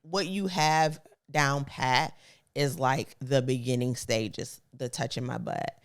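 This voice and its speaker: A woman's voice: very deep voice, fairly even intonation, slow pace. A woman co-hosting a podcast, chatting casually and teasing her partner with frequent laughter. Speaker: podcast co-host. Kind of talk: casual couple chat.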